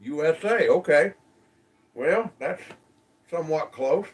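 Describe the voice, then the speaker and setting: A man chats through a livestream at a slow, easygoing pace, calling out viewers by name. His voice sits a little high. He sounds a bit off-mic, as if the phone is set down in front of him. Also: expressive, recorded from a distance. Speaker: livestream host. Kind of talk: casual livestream chat reading comments.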